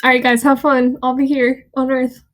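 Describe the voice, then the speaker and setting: A woman's voice: sits high, level tone, normal speed. A young woman chatting on a casual podcast over an online call, easygoing and talkative. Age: young adult. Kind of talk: casual chat.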